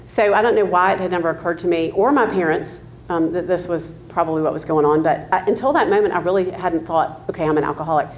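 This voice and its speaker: A woman's voice: fairly low pitch, quick pace, few pauses, a little hiss or hum. Candid Southern woman in her fifties. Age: 50s. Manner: candid storytelling with frequent ums and laughs. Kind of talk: personal testimony.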